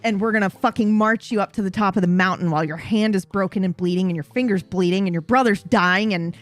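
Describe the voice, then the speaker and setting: A woman's voice: mid-range voice, quick pace, faint music behind, lightly acted. A woman voicing her own roleplay character, a blunt and merciless outlaw woman who speaks curtly and profanely. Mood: scornful. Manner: curt, profane, contemptuous.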